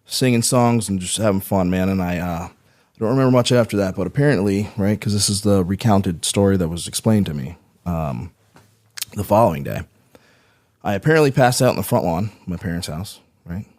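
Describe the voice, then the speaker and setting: A man's voice: low-pitched, a little fast, darkish tone. A man who is a veteran, guest on a podcast, telling his own story in a casual, profane, rambling way, often tagging his sentences with "right?".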